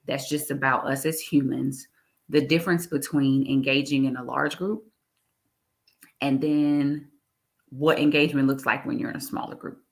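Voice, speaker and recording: A woman talking in a casual interview, animated, laughing often and repeating her phrases. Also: very deep voice, moderate pace. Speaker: guest, executive director.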